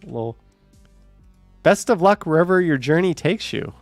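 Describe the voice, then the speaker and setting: A man with a gravelly, creaky voice reads viewer comments aloud on a relaxed livestream, dropping sarcastic jokes between them. He sounds a little short of breath. The sound is dry and close, with faint music underneath. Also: on the high side, a little slow, no room sound. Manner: joking, sarcastic asides with frequent laughs. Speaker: livestream host reading chat comments. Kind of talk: casual live chat.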